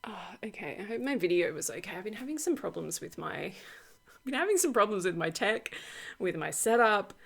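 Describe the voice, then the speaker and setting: A woman's voice: mid-range voice, very animated, moderate pace, gravelly, a bit bright, husky. A woman author chatting casually through an unboxing walkthrough, rambling with many fillers and frequent laughs. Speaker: oracle deck author.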